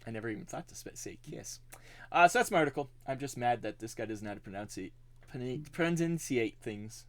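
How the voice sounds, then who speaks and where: A man's voice: mid-range voice, expressive, a little fast. A man co-hosting a podcast, chatting casually and laughing often. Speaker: podcast co-host. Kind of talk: casual chat.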